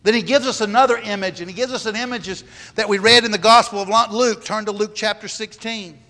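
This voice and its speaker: A man's voice: high voice, steady tone, a little fast, sharp tone, long reverb tail. A man preaching a sermon, emphatic and repeating his phrases for weight.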